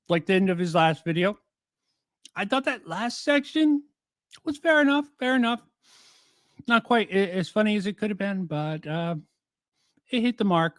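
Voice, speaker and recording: A man's voice: high-pitched, fairly bright tone, dry recording, clean studio sound. Profane, rambling male reactor. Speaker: reaction commentator. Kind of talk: casual reaction commentary.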